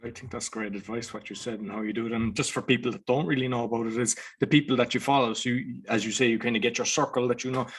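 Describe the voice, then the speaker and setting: A man's voice: medium pitch, steady tone, quick pace, few pauses, husky. Laid-back male podcast host. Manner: loose and conversational, with many fillers. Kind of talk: casual interview chat.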